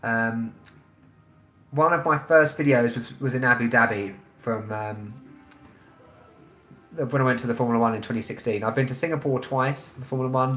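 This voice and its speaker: Hosting a travel live stream, a London man in his thirties rambles bluntly with plenty of ums. His voice sits at a middle pitch with a fairly bright tone, and the audio has a roomy echo.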